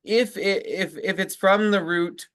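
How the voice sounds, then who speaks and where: A man teaching as a rabbi, explaining word meanings in a halting way full of fillers and restarts. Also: high voice, fairly even intonation, a bit bright, dry recording. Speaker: rabbi leading a text study. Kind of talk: casual teaching discussion.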